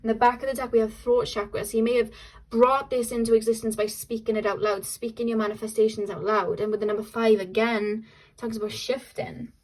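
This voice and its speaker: A woman's voice: on the high side, flat delivery, a little fast, darkish tone, rough recording. A young woman doing a casual tarot reading, chatty and upbeat, often trailing off and restarting. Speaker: tarot reader.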